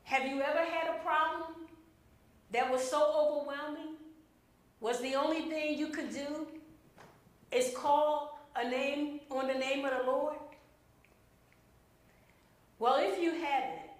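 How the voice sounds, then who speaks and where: A woman preaching a sermon with slow, deliberate phrasing and emphatic pauses. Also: sits high, steady tone. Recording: very echoey room.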